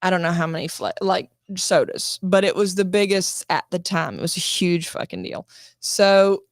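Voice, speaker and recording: Animated woman telling audition stories. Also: on the low side, normal speed, dry recording, studio quality. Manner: animated, swearing, acting out quotes. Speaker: guest actress. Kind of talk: casual storytelling interview.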